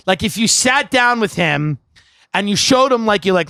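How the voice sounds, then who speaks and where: A male comedian rambles through a funny story with quick asides and bursts of laughter. His voice is high and bright, with a sharp edge. The sound is dry and close to the mic. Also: lively intonation, no echo. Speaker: podcast host, comedian. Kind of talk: comic storytelling. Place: outdoor deck.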